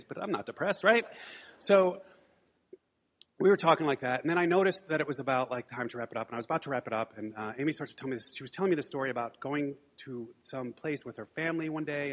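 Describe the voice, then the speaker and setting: A man telling a personal story at a brisk clip, stumbling over restarts and tossing off dry asides. His pitch sits in the middle range. A long hall reverb trails behind his voice. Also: fairly bright tone. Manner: rambling restarts and wry asides. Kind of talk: live storytelling monologue.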